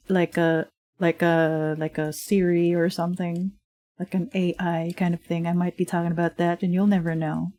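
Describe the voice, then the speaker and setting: Slow, chatty woman streamer. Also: lowish voice, warm tone, no echo. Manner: chatty and rambling, many fillers, laughs often. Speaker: streamer and digital artist. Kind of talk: casual livestream chat while drawing.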